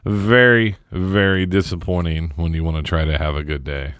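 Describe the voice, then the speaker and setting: A man's voice: low voice, fairly even intonation, normal speed, a bit bright, clean tone, no room sound, studio quality. A man chatting casually, adding short, laid-back remarks. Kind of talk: casual chat.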